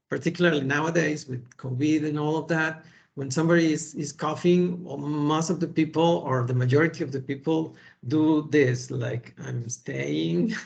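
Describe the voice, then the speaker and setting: Slow, gravelly man teaching English. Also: on the high side, lo-fi sound. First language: Spanish. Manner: slow, patient, repeats words and adds "okay?". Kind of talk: kids' vocabulary lesson.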